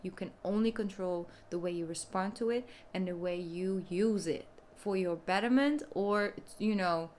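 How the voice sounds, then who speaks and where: A woman reading tarot in a loose, conversational way, speaking straight to her listeners. Her voice sits at a middle pitch. She talks informally and keeps adding "you know" between thoughts. A faint hiss runs under her voice. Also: moderate pace, hardly any pauses, darkish tone. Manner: chatty and informal, often saying "you know". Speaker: tarot reader. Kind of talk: casual monthly tarot reading.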